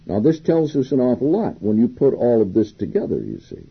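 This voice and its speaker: A man with a very husky, medium-pitched voice preaches a Bible exposition sermon, reading scripture aloud and commenting on it, with emphatic rises on the quotes. His pitch swoops wildly and he talks a little fast with few pauses. The audio is dull.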